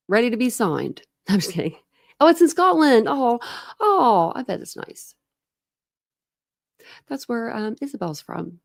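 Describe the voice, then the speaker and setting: An American woman hosting a casual livestream from her room at home, drifting from one topic to the next with plenty of laughs and fillers. Her voice has a noticeable gravelly fry, and her pitch sits in the middle range for a woman. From United States. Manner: chatty and rambling, with frequent laughs and fillers. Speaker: true crime livestream host. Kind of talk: casual livestream chat with viewers. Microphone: desk camera setup.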